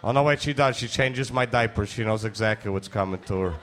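A man's voice: fairly low pitch, a little fast, fairly bright tone, voice pushed down, natural voice. A stand-up comedian voicing a foul-mouthed, swaggering two-year-old boy in the middle of his act. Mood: taunting. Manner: taunting, swaggering. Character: foul-mouthed bragging male toddler.

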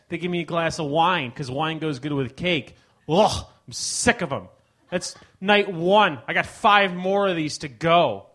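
A man hosting a live comedy show, delivering a mock-outraged stand-up monologue that swings between loud bursts and mumbled asides. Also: high voice. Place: live ballroom stage.

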